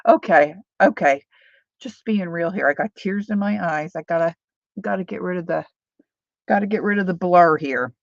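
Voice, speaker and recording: A woman's voice: on the low side, moderate pace, dry recording, lo-fi sound. A woman hosting a live crafting stream, chatting casually and thinking aloud while she works, with playful sound-words. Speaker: crafting livestream host.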